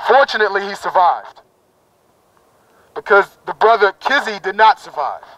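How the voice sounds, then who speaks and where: A man's voice: sits high, big pitch swings, moderate pace, sharp tone, no echo, low-quality recording. A man speaking at an outdoor protest, giving a fervent speech and leading a chant in a prayer. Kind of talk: impassioned rally speech. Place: outdoor town plaza.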